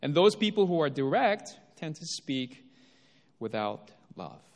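Animated male preacher in a reverberant hall. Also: fairly high pitch, measured pace. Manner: emphatic, rises and drops for effect. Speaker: pastor. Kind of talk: sermon.

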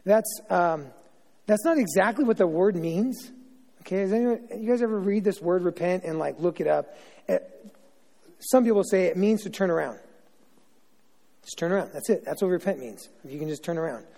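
High-voiced man preaching in a reverberant hall. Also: expressive, moderate pace, gravelly, dark tone. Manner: chatty, self-interrupting, jokey asides. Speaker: pastor. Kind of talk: informal joking sermon. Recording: long reverb of a large hall.

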